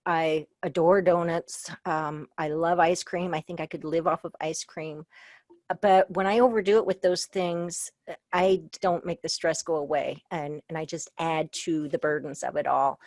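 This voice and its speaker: A woman's voice: low voice, fairly even intonation, moderate pace, darkish tone, no room sound. A middle-aged woman from Iowa presenting a webinar for librarians. She talks in a conversational, personal way, with frequent "um" and touches of humor. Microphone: video call.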